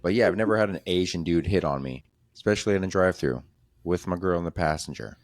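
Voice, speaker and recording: A young man hosting a podcast, chatting casually, swearing and rambling through a story while putting on quick voices for other people. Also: low-pitched, animated, no echo, studio quality. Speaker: podcast host and comedian. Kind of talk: casual chat.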